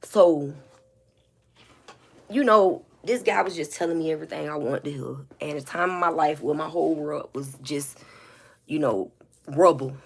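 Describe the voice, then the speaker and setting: A woman's voice: low voice, vocal fry, slightly rough. A woman speaking in a candid, blunt confessional monologue to her viewers, emotional and holding back tears, with many repeats and fillers. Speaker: vlogger.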